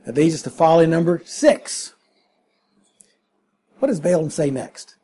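Man, preacher, sermon, husky voice, emphatic, rhetorical questions. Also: on the high side, expressive, unhurried, mellow.

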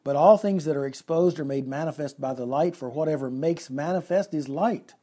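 Male preacher, slightly higher voice, warm dark tone; earnest verse-by-verse teaching. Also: moderate pace. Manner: earnest teaching, reading scripture aloud and explaining it. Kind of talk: expository sermon.

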